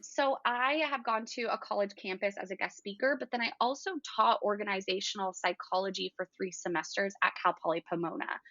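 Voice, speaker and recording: A woman's voice: medium pitch, bright, forceful tone, dry recording, lo-fi sound. A woman guest on a podcast, speaking articulately and upbeat, laughing often as she explains her work. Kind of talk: casual interview conversation.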